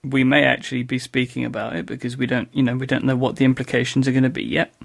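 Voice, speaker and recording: A man's voice: medium pitch, flat delivery, quick pace, gravelly. A man co-hosting a podcast, chatting casually and explaining technology in a dry, plain way. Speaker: podcast co-host.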